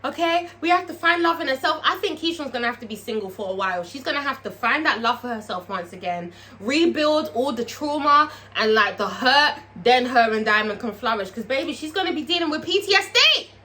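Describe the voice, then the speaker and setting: Bright-voiced, animated woman recapping a show. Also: sits high, fairly quick, few pauses, slight background noise. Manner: profane, animated, talks straight to viewers. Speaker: TV review vlogger. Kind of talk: casual TV episode recap.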